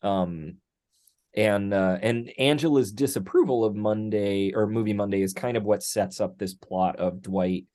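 A man co-hosting a podcast in casual chat, talking in an animated, enthusiastic way and laughing often. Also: on the low side, a little slow. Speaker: podcast co-host.

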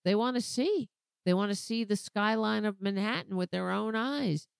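A woman hosting a casual political commentary show, talking sarcastically and rambling, her voice going hoarse. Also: medium pitch, dry recording. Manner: sarcastic, rambling, slow-paced. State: losing her voice, clearing throat. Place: home, pet on lap.

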